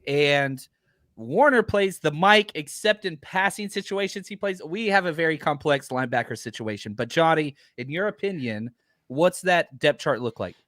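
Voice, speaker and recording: A man hosting a casual sports podcast roundtable, his voice hoarse and tired, talking in a self-deprecating, animated way. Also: on the high side, moderate pace, no echo, studio quality. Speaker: podcast host. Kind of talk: casual chat.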